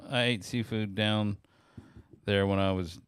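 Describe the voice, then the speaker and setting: A middle-aged man co-hosting a podcast in casual chat, joking around and breaking into loud bird-call impressions. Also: on the low side, fairly even intonation, unhurried, clear, resonant tone, no room sound, clean studio sound. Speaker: podcast co-host.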